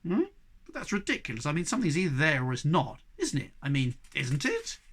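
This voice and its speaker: A man's voice: fairly high pitch, wildly swooping pitch, brisk, fairly bright tone, slightly rough, full character voice. A man voicing a nervous young man, pleading. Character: anxious young man out of his depth.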